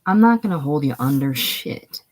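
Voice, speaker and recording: A reader voicing a blunt, mocking rural man in a casual play reading, low and quiet with a husky tone. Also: expressive, normal speed, natural voice, poor audio. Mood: gruff.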